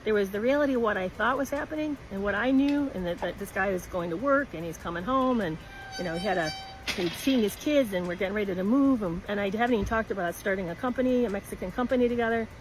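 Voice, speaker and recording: A woman telling a personal story in an earnest, halting way, with many restarts. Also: mid-range voice, background noise.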